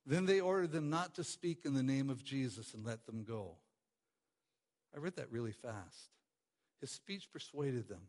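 A man preaching a sermon with passion, repeating phrases for emphasis and swinging between loud exclamations and quiet stress. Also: medium pitch, normal speed. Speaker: pastor.

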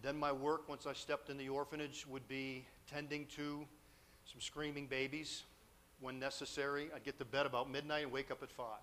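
A man telling a lively personal story in a sermon, acting out the dialogue as he goes. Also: mid-range voice, normal speed, a little hiss or hum. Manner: animated storyteller, acts out quotes, grows loud and excited.

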